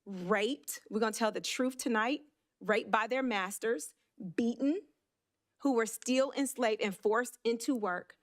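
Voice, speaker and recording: At a city council meeting, a woman council member delivers an emotional, blunt speech in a medium-pitched voice, halting and restarting as she goes.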